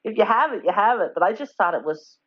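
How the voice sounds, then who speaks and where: A woman's voice: medium pitch, animated, fast, dry recording. A woman, chatting in a podcast interview in a rambling, self-correcting way. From Newfoundland, Canada. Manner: rambling, self-correcting, warm storytelling with laughs. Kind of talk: casual conversation. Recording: dull, dry lo-fi podcast audio.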